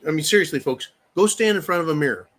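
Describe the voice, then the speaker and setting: Talking fast in a fairly high, somewhat bright voice with lively intonation, a livestream host fires off a heated political rant. He's angry and profane, reading viewer comments aloud as he goes.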